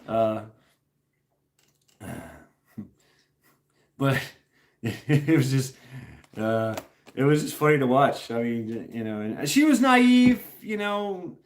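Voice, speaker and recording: A middle-aged man from Tennessee spins a loose, casual story for his stream chat, voice sitting at an ordinary male pitch. He laughs often, swears freely, and keeps trailing off and restarting his sentences. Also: lively intonation, slow, pauses often.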